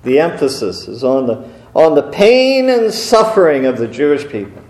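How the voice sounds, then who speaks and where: A man's voice: a little high, big pitch swings, normal speed, a little mellow. A man preaching a sermon in a conversational way, with rhetorical questions and wry asides. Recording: roomy echo.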